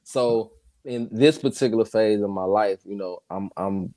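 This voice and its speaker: Brief: male guest artist, lowish voice, dry sound, sincere and reflective. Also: normal speed, dark tone, dry recording. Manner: earnest and reflective, lots of agreeing. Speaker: guest hip hop artist. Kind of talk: casual conversation.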